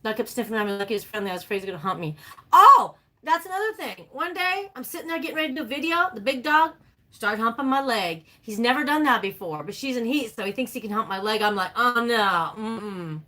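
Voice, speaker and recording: A woman's voice: fairly high pitch, expressive, quick pace, bright, forceful tone. A woman chatting casually and animatedly with her livestream viewers, laughing often. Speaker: livestream host.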